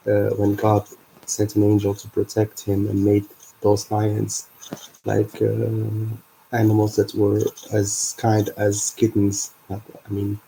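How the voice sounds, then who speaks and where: A man hosting a livestream, explaining his ideas in an earnest, halting way. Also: fairly low pitch, gravelly, mellow, slight background noise, rough recording. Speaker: livestream host.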